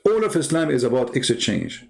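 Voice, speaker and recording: Gravelly man in heated polemical commentary. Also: mid-range voice, very animated, moderate pace, a little mellow. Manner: combative, mocking, with rhetorical questions; non-native English grammar. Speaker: host of a religious debate channel.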